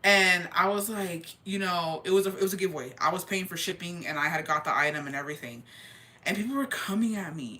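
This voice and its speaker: A woman tells a story in a casual, animated chat. Her voice is bright, and she talks quickly, swears freely and drops into Spanish. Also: fairly low pitch. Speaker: vlogger.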